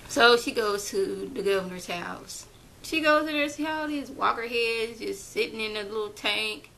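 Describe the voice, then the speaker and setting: A woman with a gravelly, fry-tinged voice recaps a TV episode in a chatty, animated vlog. Her tone is bright and sharp, and she drops into characters' lines without changing her voice. A faint rumble sits behind her. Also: low-quality recording. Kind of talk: casual recap.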